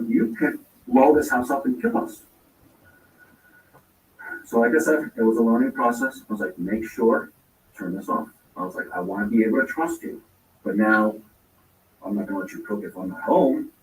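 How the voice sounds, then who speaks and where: Low-voiced man, distant and echoey. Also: bright, forceful tone, a little hiss or hum. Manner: rambling, acts out quoted lines of dialogue. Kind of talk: casual storytelling. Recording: roomy echo, distant from mic.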